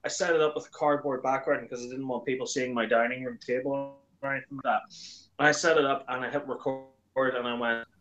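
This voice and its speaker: A man chatting casually as a guest, an animated storyteller who acts out quoted lines in a higher voice. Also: brisk, dull audio. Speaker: YouTuber guest. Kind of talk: casual chat.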